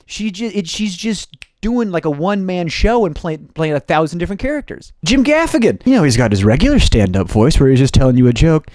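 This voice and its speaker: A young man, a stand-up comedian, riffing casually to camera in a fast, animated way with profane jokey asides. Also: a little high, dry recording. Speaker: stand-up comedian and video host.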